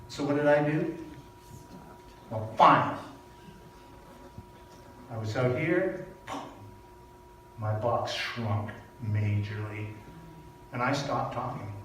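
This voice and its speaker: An older man from Canada giving a personal sermon at a church service, telling stories with animated, emphatic repetition. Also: mid-range voice. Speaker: speaker at a spiritual church service. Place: large echoey hall. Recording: very echoey hall from far off, faint noise.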